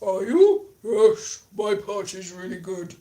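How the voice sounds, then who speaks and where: Woman doing demonic smoky lady, raspy and grand, loud. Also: mid-range voice, animated, slow, roomy sound. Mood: haughty. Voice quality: gravelly, smoker's rasp. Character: smoky-voiced demonic woman, haughty party guest.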